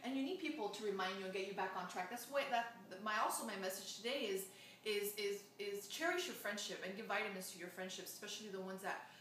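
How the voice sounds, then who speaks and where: A woman hosts a casual spiritual interview at a quick pace, encouraging her guest and echoing her own phrases. Her voice is caught from a distance in a very echoey room. A faint hiss sits under it. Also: mid-range voice. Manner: warm encouraging, repeats words, trails off. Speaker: host.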